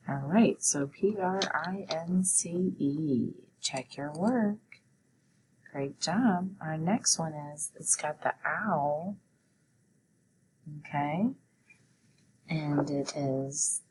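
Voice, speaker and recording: Slow low-voiced woman teaching spelling. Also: noisy background. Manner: slow and deliberate, sounding out letters. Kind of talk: spelling lesson for children.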